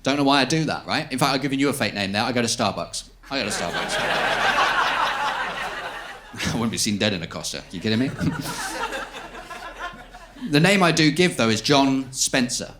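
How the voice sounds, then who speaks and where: A man's voice: mid-range voice, sing-song, moderate pace, pauses often, heavy background noise. A man doing a stand-up set, chatty, with conspiratorial asides to the audience. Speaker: stand-up comedian.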